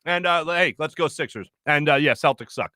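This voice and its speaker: A man's voice: on the high side, normal speed, bright, forceful tone, no room sound. A young man from Philadelphia hosting his own sports talk show from a studio, chatting casually and loosely with many fillers and restarts.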